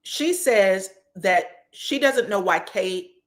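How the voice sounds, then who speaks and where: A woman's voice: medium pitch, animated, takes it slowly. Slangy woman recapping reality TV. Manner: slangy, emphatic, tags lines with "okay?" and "child"; laughs often while telling. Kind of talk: casual reality show recap commentary.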